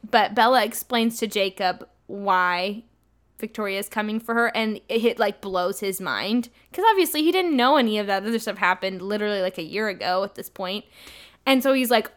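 A young woman co-hosting a casual podcast animatedly recaps a novel, acting out the characters' lines in shifting voices. She speaks at medium pitch and normal speed in a relaxed, chatty style.

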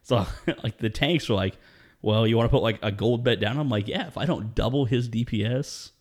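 A man's voice: medium pitch, moderate pace, darkish tone. A man casually telling a story in conversation, laid-back and profane, often breaking into laughter.

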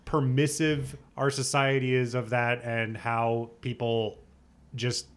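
Very deep-voiced woman podcast host. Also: flat delivery, takes it slowly. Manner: blunt, profane, short backchannels. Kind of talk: casual podcast chat.

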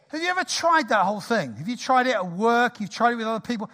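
A man in his sixties preaching a sermon in a church, lively, jokey and conversational. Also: very high-pitched, quick pace, hardly any pauses. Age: 60s.

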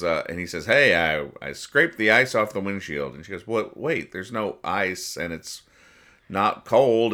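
A man with a low voice hosts a casual comedy podcast, rambling through comic strips and tossing in quick quoted voices. His tone is bright and a little sharp. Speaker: podcast host reading comics.

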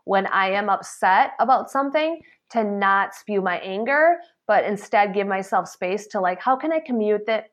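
Salon woman talking straight to camera, earnest and chatty, keeps saying okay? right?, mid pitch. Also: highs cut off. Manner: animated, acts out quoted remarks. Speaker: salon professional sharing advice. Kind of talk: motivational talk to camera.

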